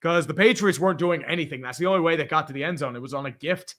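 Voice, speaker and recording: A man's voice: fairly high pitch, a bit bright. A man hosting a casual live reaction stream, reading viewer donations and giving blunt, profane opinions. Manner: blunt and profane, quick opinions, frequent laughs.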